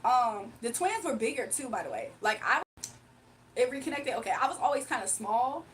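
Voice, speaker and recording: A young woman livestreamer telling a story to her chat in an animated, chatty way with asides. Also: on the high side, normal speed, far from the mic, slight background noise, rough recording. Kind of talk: casual storytelling to a live chat.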